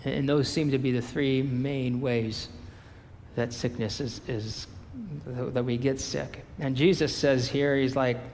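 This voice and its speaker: Animated, casual male pastor preaching. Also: mid-range voice, measured pace, long reverb tail, slight background noise. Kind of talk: sermon.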